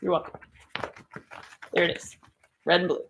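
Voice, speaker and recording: A woman's voice: on the low side, flat delivery, normal speed, creaky, a little hiss or hum. A middle-aged woman hosting a casual livestream, talking animatedly, swearing freely and reading out viewer comments. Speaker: livestream host.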